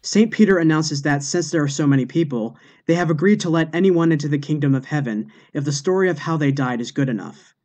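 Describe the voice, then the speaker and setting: Deadpan man reading jokes. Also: on the high side, a little fast, few pauses. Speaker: joke narrator.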